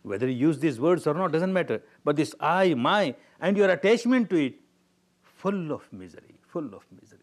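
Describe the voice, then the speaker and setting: A man's voice: fairly high pitch, big pitch swings, moderate pace. A man teaching meditation in a spiritual discourse, telling stories and repeating key words for emphasis.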